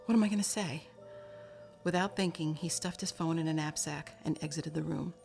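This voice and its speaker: A woman with a low voice reading a novel aloud in a steady, measured storybook manner. Clear background music plays beneath her narration throughout.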